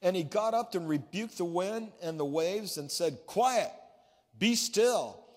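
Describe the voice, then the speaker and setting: Preaching at a moderate pace, this male pastor has a voice that sits high yet carries a darkish tone. He tells a story conversationally, often starting over mid-thought, and the long reverb of a large hall lingers behind him.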